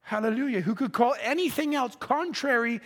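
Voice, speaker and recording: A man preaching with a very high, bright, forceful voice. He swells from a low, earnest tone into ringing shouts as he presses his points to the congregation. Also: brisk. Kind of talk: fervent sermon. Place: church sanctuary.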